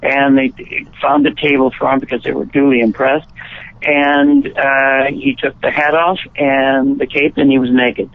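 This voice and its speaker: A man's voice: medium pitch, flat delivery, unhurried. A man from Chicago, an actor and musician, telling rambling anecdotes in a casual interview, often restarting his sentences. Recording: tinny phone line.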